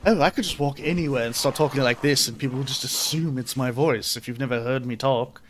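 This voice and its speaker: A man's voice: mid-range voice, a little fast, background noise, lightly acted. A man voicing an arrogant, posh undead man in a put-on upper-class English accent, haughty and sneering. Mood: smug.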